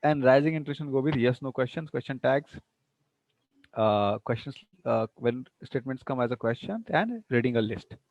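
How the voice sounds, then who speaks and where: Heard through a muffled, echo-free recording, a man with a mid-range, darkish voice and lively intonation teaches English online as a university lecturer. He speaks at normal speed, patiently going over examples again with exaggerated pitch movement and frequent "you know" and "see" fillers.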